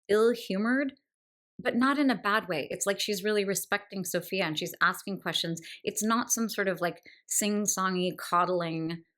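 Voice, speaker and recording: A woman's voice: medium pitch, fairly bright tone. A woman hosting a book podcast, talking through a novel with admiring enthusiasm and thoughtful asides. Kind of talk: literary discussion monologue.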